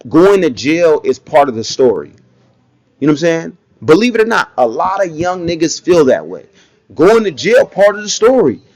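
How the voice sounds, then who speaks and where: Blunt, animated man with dry close sound. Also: fairly high pitch, moderate pace, no echo. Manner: blunt, animated, mocking impressions. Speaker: commentary vlogger. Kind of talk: casual opinion commentary.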